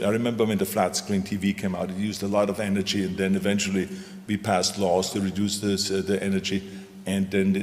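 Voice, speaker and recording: An older man with a low voice delivers an onstage talk in an emphatic, folksy way, repeating punchy lines for effect. His voice rings out in a large hall with a long reverb tail. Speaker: guest speaker, former governor. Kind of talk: onstage conversation. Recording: echoey hall.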